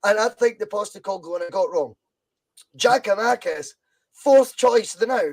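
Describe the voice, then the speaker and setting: As host of a laid-back football podcast, a Scottish man speaks at normal speed in a high-pitched, slightly mellow voice. He makes his case bluntly, cursing freely along the way.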